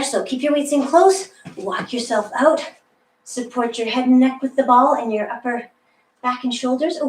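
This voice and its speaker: A woman with a fairly high voice leads an exercise class, talking members through each move in a chatty, encouraging way. She sounds set back from the mic, her voice bouncing around an echoey room. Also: a bit bright, far from the mic. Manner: chatty, encouraging cueing with asides. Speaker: fitness instructor. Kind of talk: live workout instruction.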